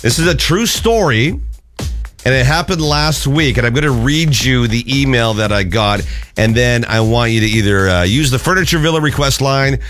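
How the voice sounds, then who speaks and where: A man's voice: medium pitch, moderate pace, a bit bright, soft background music. A man co-hosting a radio morning show, chatting casually and reading a listener's email aloud with plenty of emphasis.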